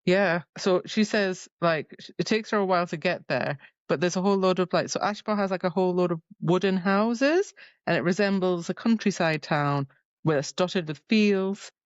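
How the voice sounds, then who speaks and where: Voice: mid-range voice, moderate pace, no echo, dull audio. A podcast co-host casually recapping a book's plot in a rambling way and quoting its dialogue. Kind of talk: casual book discussion.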